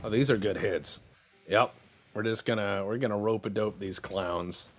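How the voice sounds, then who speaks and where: A man's voice: fairly low pitch, moderate pace. A man giving joking, casual play-by-play commentary on a strategy game. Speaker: gameplay commentator.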